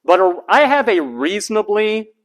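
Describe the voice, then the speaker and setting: A man, a college lecturer giving a deliberate lecture and repeating key terms slowly. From United States. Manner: demonstrates voice types, drops to flat low monotone for examples.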